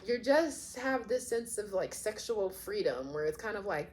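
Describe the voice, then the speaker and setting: A woman's voice: mid-range voice, lively intonation, a little slow, few pauses, a little mellow, slight background noise. A woman giving a casual tarot reading, rambling and chatty with lots of fillers, often acting out imagined quotes. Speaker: tarot reader.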